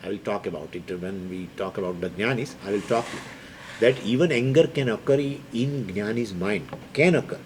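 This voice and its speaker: A man's voice: on the low side, moderate pace, slight background noise. A man giving an emphatic spiritual discourse as a Vedanta teacher, repeating key points. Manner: animated and emphatic, with laughs and repetition.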